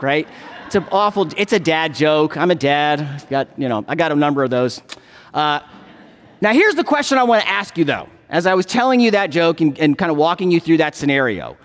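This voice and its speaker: A man's voice: fairly high pitch, big pitch swings, normal speed. A male pastor and father giving a chatty, joking sermon with a storytelling manner. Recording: long church reverb.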